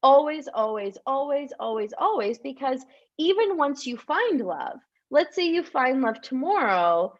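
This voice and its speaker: A woman love coach guiding listeners through a visualization, speaking softly and encouragingly with gasps and repeated words. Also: high voice. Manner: soft, encouraging, with gasps and drawn-out sighs. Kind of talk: live-streamed guided visualization. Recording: dull lo-fi stream audio.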